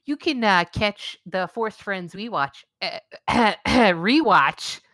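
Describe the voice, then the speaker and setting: Brief: woman playing a chatty, tipsy mom friend, folksy drawl, lively pitch, dry close sound. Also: moderate pace, no echo.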